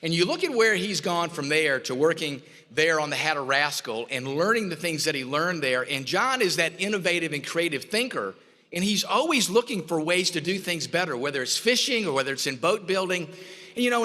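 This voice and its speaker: A man's voice: a little high, animated, a little fast, pushed and bright. A man giving an awards speech, telling stories in a folksy way and acting out what people said. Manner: folksy storytelling, acts out quoted dialogue. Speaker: award presenter. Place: hotel ballroom. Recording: long hall reverb.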